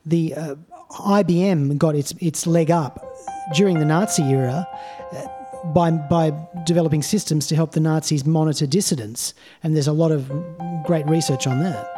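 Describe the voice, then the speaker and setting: A man's voice: on the high side, moderate pace, music in the background. A male radio host in casual talk, thoughtful and hesitant, often repeating words as he searches for them. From Australia.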